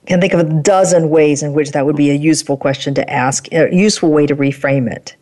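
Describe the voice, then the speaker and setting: A woman's voice: sits low, fairly quick, warm tone. A woman hosting an interview, affirming and summing up her guest's points. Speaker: interview host.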